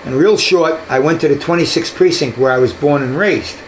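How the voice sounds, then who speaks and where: A retired detective, an older man, shares stories from his career in an interview, his voice a little high and his pace a little fast. He animatedly acts out the voices of the people he quotes. The low-quality recording carries slight background noise.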